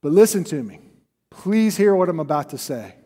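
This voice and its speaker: High-voiced preacher in a reverberant hall. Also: male voice, big pitch swings, normal speed, warm tone, slightly rough. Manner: earnest, emphatic preaching with repeated phrases. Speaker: pastor. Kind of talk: sermon.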